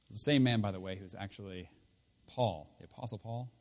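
A man's voice: lowish voice, fairly quick, darkish tone. Man preaching in an emphatic, conversational way. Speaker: pastor. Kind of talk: sermon.

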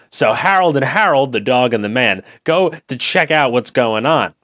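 A man co-hosting a casual podcast, telling a rambling, deadpan improvised story while recording from bed under the covers. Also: medium pitch, a little slow, no room sound, clean studio sound. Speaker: podcast co-host.

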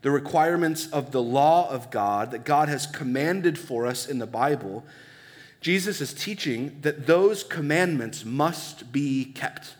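A man preaching to his congregation in a fairly high voice. He talks to them casually and keeps asking rhetorical questions. A long hall reverb trails after each phrase. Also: animated, unhurried. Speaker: pastor. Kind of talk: sermon.

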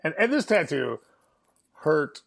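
A man's voice: on the high side, sing-song, slow pace, gravelly. A young man telling a story in a casual chat, laughing often and swearing as he acts out what others said. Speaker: guest musician.

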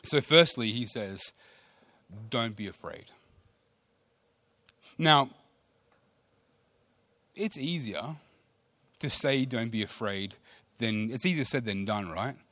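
A man preaching a sermon, swinging between loud emphatic lines and hushed ones. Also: medium pitch, animated, slow, pauses often, no echo. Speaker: pastor.

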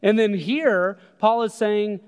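A man preaching a sermon, animated, acting out voices when he quotes people. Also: high voice, takes it slowly, clean tone. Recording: long hall reverb.

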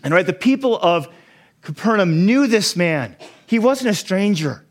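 A man's voice: sits high, big pitch swings, a little slow. A man who is a parent, preaching a sermon as pastor and explaining a Bible passage, now and then acting out the quoted lines. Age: young adult to middle-aged, a parent.

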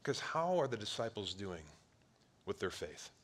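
Animated male pastor with a bright, forceful voice. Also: on the low side, moderate pace. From Ohio, near Cleveland. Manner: animated, acts out voices, swings from loud to hushed. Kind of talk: sermon.

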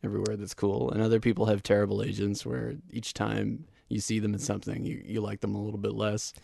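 A man in casual conversation about movies and television, relaxed and laid-back, laughing often. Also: on the low side, quick pace, gravelly, no room sound, studio quality. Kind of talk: casual chat.

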